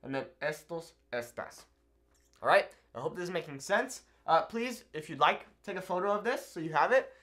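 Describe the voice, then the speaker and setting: Upbeat man teaching with lively pitch. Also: normal speed. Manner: upbeat, animated, keeps asking "okay?". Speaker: Spanish teacher. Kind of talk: video language lesson.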